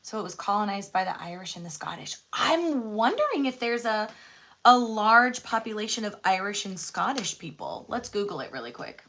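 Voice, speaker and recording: A woman's voice: mid-range voice, sing-song, normal speed, a bit bright. A woman chatting casually while she colors on a live stream, musing aloud and laughing easily. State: out of breath. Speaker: host.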